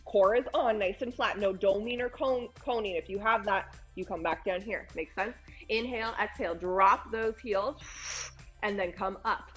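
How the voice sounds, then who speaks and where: With soft music in the background, a young female personal trainer talks through a postpartum core routine as she performs it. Her mid-range voice is slightly bright and moves at a moderate pace. She encourages listeners and calls out breathing cues, sounding somewhat strained from exercising.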